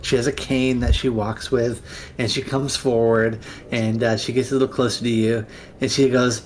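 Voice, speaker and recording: A man acting as game master, narrating a tabletop game in a halting way with many fillers. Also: mid-range voice, level tone.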